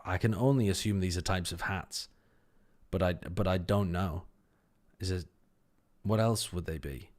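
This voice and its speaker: A man's voice: deep voice, measured pace, a little mellow. A man hosting a casual livestream, thinking aloud as he works a word puzzle, repeating words under his breath and swearing casually. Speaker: stream host.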